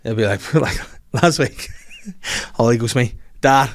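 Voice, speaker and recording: A man hosting a podcast, trading crude anecdotes in loose, casual chat. He laughs often while he tells stories, in a mid-pitched voice. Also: a little slow. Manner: bawdy storytelling, laughing often. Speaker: podcast host.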